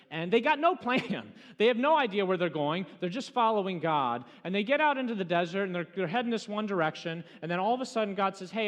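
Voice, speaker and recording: A man preaching a sermon as pastor, retelling a story dramatically and swinging between loud, urgent passages and hushed ones. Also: high voice. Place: church sanctuary. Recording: church hall reverb.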